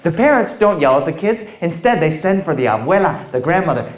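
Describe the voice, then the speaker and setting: A man tells a story to a young audience in an animated, dramatic way, speaking straight to them. His pitch swings widely. His voice echoes around a roomy performance space. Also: a little fast, few pauses.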